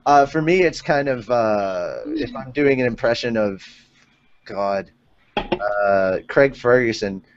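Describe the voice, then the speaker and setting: A man's voice: mid-range voice, slow, background noise. A man hosting a fan podcast, reading listener comments aloud in a rambling, joking way. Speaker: podcast host. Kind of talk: casual podcast chat. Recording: dull lo-fi stream audio.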